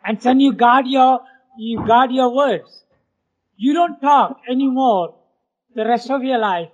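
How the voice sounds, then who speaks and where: A man's voice: extremely high pitch, slow, pauses often. A man teaching an informal Bible class in an earnest, emphatic way. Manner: earnest, emphatic, acts out quoted voices. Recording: dull lo-fi recording.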